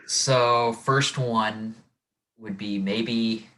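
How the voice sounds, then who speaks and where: A man's voice: on the low side, fairly even intonation, very slow, sharp tone, low-quality recording. A man hosting a podcast interview, asking loose, meandering questions with fillers. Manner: short listening replies, loose rambling questions. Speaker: podcast host. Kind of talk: casual interview.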